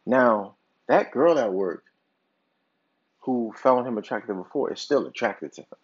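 Brief: male podcast host, slightly husky voice, casual rambling monologue, muffled low-fi recording. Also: animated, a little slow. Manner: rambling, filler-heavy storytelling with many "like"s and restarts. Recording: dull lo-fi recording.

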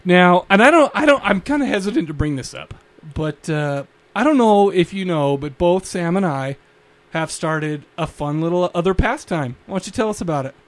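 A podcast co-host with a high voice for a man, bantering playfully with his partner. He teases, laughs easily and keeps the chat casual. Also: lively intonation, normal speed, dry recording. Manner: playful teasing, laughs often.

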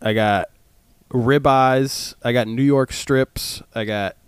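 A young man hosting a casual podcast, joking and laughing as he rambles through a meat-box pitch. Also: steady tone, slow, smooth, no room sound, clean studio sound. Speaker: podcast host. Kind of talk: casual chat.

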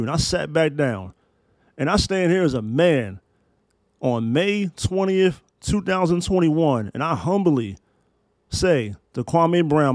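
Hosting his own podcast, a thirtysomething man from Maryland, US speaks slowly with a slightly high voice and lively intonation. His talk rises in emphatic, preacher-like build-ups laced with profanity, recorded with no room sound.

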